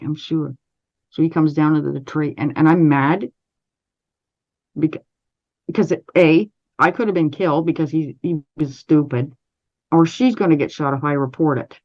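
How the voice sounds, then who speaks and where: A Canadian woman, an interview guest, recounting a personal story in a measured, steady way with frequent restarts. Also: sits low, highs cut off.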